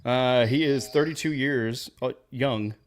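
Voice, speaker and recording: A man's voice: medium pitch, unhurried. A man from Oklahoma hosting a podcast, chatting casually about football with loose, profane jokes while having a drink. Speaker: podcast host. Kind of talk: casual sports podcast chat.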